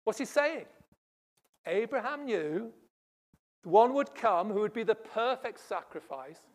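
A preacher delivering a sermon, stressing points loudly and then dropping to hushed asides. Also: medium pitch. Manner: emphatic, swings from loud stresses to hushed asides. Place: church service.

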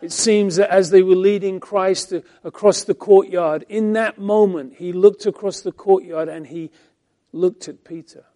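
A male pastor teaching from the Bible in a high-pitched but mellow voice. He preaches expressively, pressing some lines hard and letting others fall almost to a hush. The tone stays soft at the edges, never sharp. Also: measured pace. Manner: expressive preaching, swinging between emphatic and hushed.

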